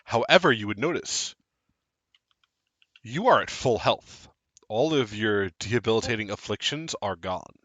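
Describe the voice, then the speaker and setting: A man narrating a tabletop game as game master, in slow descriptive narration. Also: lowish voice, expressive, a bit bright, no room sound.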